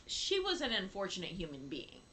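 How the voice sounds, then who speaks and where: A woman in her fifties co-hosting a casual chat, laughing often and acting out quotes with big jumps in pitch. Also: wildly swooping pitch, brisk, bright, forceful tone, slight background noise, rough recording. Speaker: podcast co-host.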